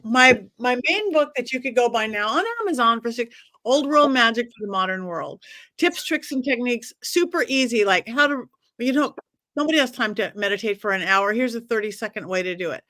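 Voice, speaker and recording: A woman's voice: fairly high pitch, animated, fairly quick, bright, forceful tone, no room sound. A woman guest on a podcast, speaking casually and enthusiastically, rambling through ideas and plans. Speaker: psychic guest.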